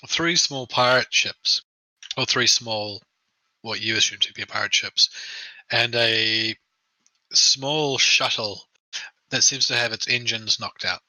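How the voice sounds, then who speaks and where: A man narrating a tabletop game as game master, relaxed, with many ums and uhs. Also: mid-range voice, no echo, poor audio.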